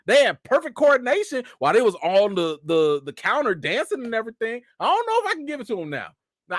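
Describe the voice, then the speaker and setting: Animated man chatting casually. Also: sits high, no echo, studio quality. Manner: animated, joking, loose slangy talk. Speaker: TV show reaction host. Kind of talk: casual live-stream chat.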